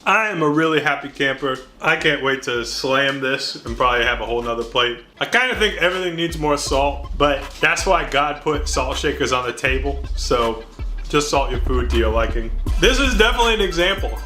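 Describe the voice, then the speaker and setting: A man's voice: medium pitch, fairly quick, faint music behind. A man hosting a home cooking show, casually walking viewers through the steps and cracking jokes. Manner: joking, relaxed, talks to viewers.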